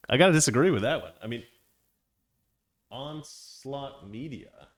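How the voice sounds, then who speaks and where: A man hosting a talk show, telling an anecdote in a casual, animated way and reading viewer comments, laughing often. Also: mid-range voice, takes it slowly, no room sound. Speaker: podcast host.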